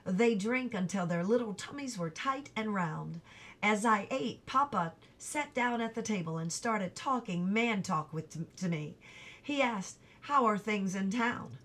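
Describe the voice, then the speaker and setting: This audiobook reader, a woman, narrates a chapter from a novel. Her voice sits in the middle range, and she keeps a steady, relaxed storytelling pace.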